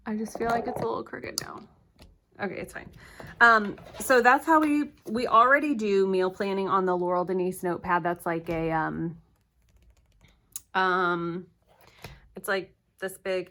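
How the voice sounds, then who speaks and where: Bright chatty woman vlogging. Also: mid-range voice, a little slow, pauses often, a little hiss or hum. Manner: chatty, flustered, rambling with self-corrections. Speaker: planner vlogger. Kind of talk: casual talk to camera. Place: at home at a table. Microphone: camera on the table.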